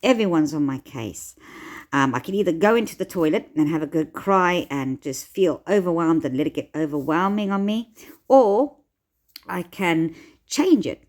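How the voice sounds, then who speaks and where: A woman giving conversational self-help advice, gently encouraging, with frequent filler words. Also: low-pitched, lively intonation, moderate pace.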